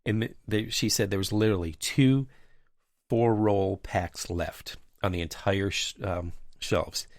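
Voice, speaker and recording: A man's voice: fairly low pitch, steady tone, unhurried, dry recording, clean studio sound. A man hosting a podcast, telling a rambling anecdote in casual chat with many fillers. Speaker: podcast host. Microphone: remote call mic.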